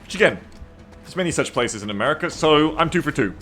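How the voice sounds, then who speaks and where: A man's voice: fairly high pitch, lively intonation, fast, a bit bright, soft background music. A man streaming a strategy game, chatting casually with viewers and reading their messages aloud in a playful, teasing way, laughing often.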